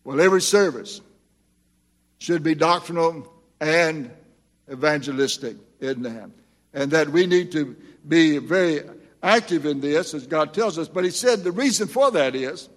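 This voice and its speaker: A man's voice: on the high side, expressive, measured pace, long reverb tail. An older man preaching a sermon as pastor, earnest and emphatic as he reads scripture.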